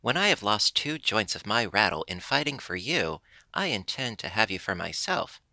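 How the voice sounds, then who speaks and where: A man's voice: lowish voice, big pitch swings, normal speed, creaky, pushed and bright, no echo, full character voice. A man voicing a stern, bossy old male rattlesnake in a storybook reading, firm and commanding.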